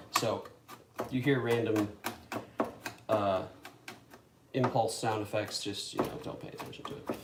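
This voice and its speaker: A young man chatting casually while cooking one-handed at home, rambling and poking fun at himself. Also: lowish voice. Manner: rambling, self-deprecating, chatty. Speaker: home cook vlogger. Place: home kitchen. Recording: echoey kitchen with loud background noise.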